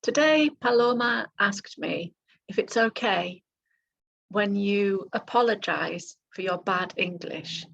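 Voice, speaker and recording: A woman teaching English directly to the camera, speaking clearly and encouragingly and acting out example phrases for learners. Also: mid-range voice, slow, a bit bright, dull audio.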